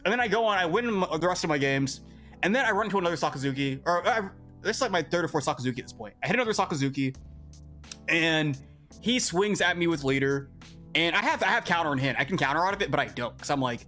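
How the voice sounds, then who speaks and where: A young man, a podcast guest, telling a story in casual chat, animated and exasperated, often repeating himself. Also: on the high side, fast talker, soft background music.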